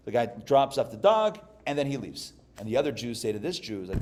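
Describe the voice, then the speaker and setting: A man from Pittsburgh, a rabbi giving a live class, who tells stories and jokes in an animated way. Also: a little high, a little fast, a little hiss or hum. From Pittsburgh, USA. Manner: animated, joking storyteller. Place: live class before an audience.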